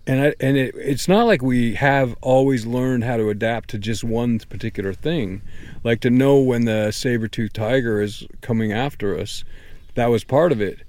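A man of middle pitch talks as a guest in an interview, earnest and eager about his ideas. He restarts his sentences as he works through each thought aloud. The recording is close and dry. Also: normal speed, a little mellow, no room sound. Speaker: guest author and teacher. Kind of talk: conversational interview.

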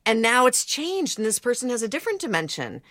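A woman's voice: fairly high pitch, big pitch swings, fast, a bit bright, dry recording, studio quality. A woman hosting an interview, speaking in a reflective way and thinking aloud. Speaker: host. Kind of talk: interview conversation.

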